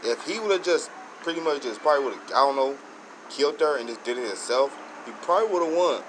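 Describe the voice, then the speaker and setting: A man hosting his own channel, giving a rambling, excited casual review with many restarts and self-corrections. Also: medium pitch, brisk, background noise. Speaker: show host reviewing episodes.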